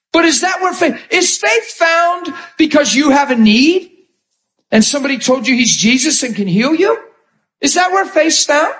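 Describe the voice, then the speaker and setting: A man preaching a sermon with impassioned storytelling, acting out scenes and often shouting. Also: very high voice.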